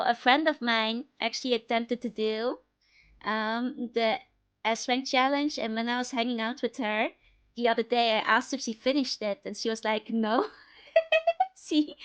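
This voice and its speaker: A woman streamer chatting casually with her viewers in a squeaky, hamster-like voice, giggling often. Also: fairly even intonation, normal speed, clean tone. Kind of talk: casual live-stream chat.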